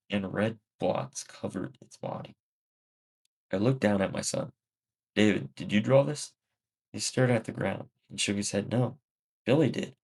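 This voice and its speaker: A man reads a first-person story aloud in a plain, steady way, stumbling now and then. His voice sits low and has a gravelly edge. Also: rough recording. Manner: plain first-person reading with small slips. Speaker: story narrator.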